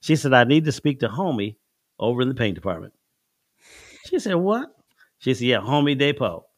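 A man's voice: mid-range voice, animated, quick pace, no room sound, studio quality. A middle-aged man telling stories from his life in a casual chat, folksy and chuckling, acting out the people in his anecdotes.

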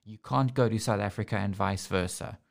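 A man's voice: on the low side, brisk, creaky. A man hosting a casual podcast, ranting sarcastically and often restarting his sentences. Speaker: podcast host.

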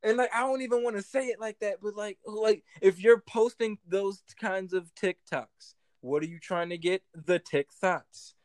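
Young male co-host, slightly high voice, lively and profane, dry close sound. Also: moderate pace, few pauses, no room sound. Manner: animated, swearing, jokey. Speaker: podcast co-host. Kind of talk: casual chat.

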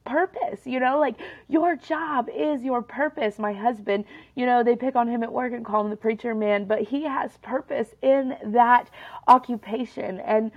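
A woman's voice: a little high, a little slow, highs cut off. A young woman hosting a faith podcast, talking earnestly and emotionally with many fillers, her nose a little stuffed up. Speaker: podcast host. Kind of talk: casual faith podcast monologue.

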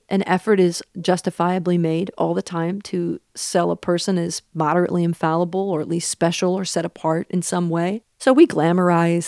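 A woman's voice: lowish voice, gravelly, a little mellow, no room sound, clean studio sound. A woman in her thirties with a Southern accent, speaking as an interview guest in an earnest, reflective way. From Pacific Northwest. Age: 30s. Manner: earnest and reflective, with frequent fillers. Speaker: interview guest, country singer. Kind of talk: thoughtful interview talk.

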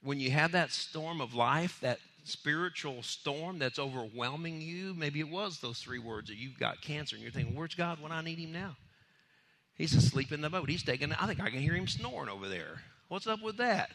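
A man preaching a sermon in a lively, conversational way, acting out the voices of the people in his story and laughing between points. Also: fairly high pitch, moderate pace, few pauses, a little hiss or hum. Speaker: pastor.

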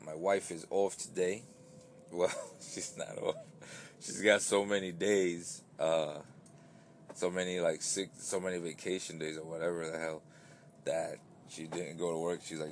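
Low-voiced rambling man on his podcast. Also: fairly even intonation, a little slow, a little hiss or hum. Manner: loose, rambling, swears casually, many restarts. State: tired, yawning. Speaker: podcast host. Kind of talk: casual solo podcast rambling.

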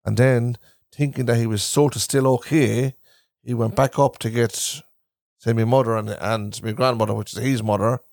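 A man's voice: mid-range voice, fairly even intonation, moderate pace, creaky, darkish tone, no room sound, studio quality. A man with an Irish Traveller accent, a podcast host who rambles and repeats himself while telling family stories in a casual chat recorded in a caravan.

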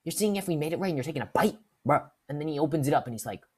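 A young man tells a workplace story in a casual vlog, exasperated and full of slang. His pitch swings widely as he goes, and his voice has a husky edge. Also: animated, rapid-fire, hardly any pauses. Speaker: fast-food worker telling a story.

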